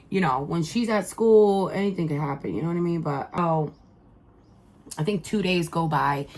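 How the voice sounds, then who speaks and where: A middle-aged woman telling a family story in a casual vlog, rambling and heartfelt, with many fillers and restarts. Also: low voice. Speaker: mother and vlogger.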